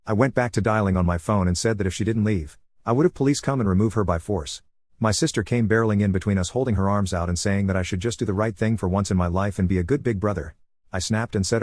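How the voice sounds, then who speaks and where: A man narrating a first-person story in a brisk, matter-of-fact manner. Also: lowish voice, darkish tone, no room sound, clean studio sound. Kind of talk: scripted narration of a reddit story.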